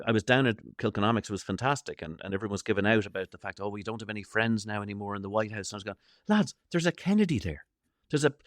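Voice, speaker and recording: A man's voice: mid-range voice, no room sound, studio quality. A middle-aged Irish man, a comedian guest in an interview, talking in a jokey, rambling way and acting out quoted voices. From Ireland. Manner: jokey, rambling, playful asides. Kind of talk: animated interview chat.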